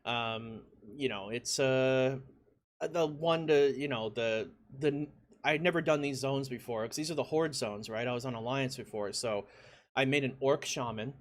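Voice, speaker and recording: A man at a mid pitch tells a gaming story in a loose, rambling way, leaning on filler words as he goes. When he acts out his own reactions he bursts into loud, excited shouts. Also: a little slow. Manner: lots of "like" fillers, conversational. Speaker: gaming YouTuber. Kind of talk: casual storytelling.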